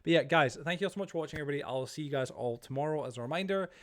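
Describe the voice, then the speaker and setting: A man's voice: fairly high pitch, rapid-fire. A young man livestreaming a game, chatting casually and reading out chat messages. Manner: rambling, reads chat aloud. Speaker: streamer. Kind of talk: casual live-stream chat.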